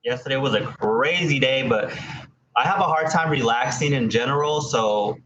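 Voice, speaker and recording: A man's voice: mid-range voice, moderate pace, fairly bright tone, slight background noise. A man hosting a casual home livestream, rambling to his viewers. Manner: rambling, chatty, talks to his pets and viewers. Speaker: livestream host. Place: home room. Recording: dull echoey room audio.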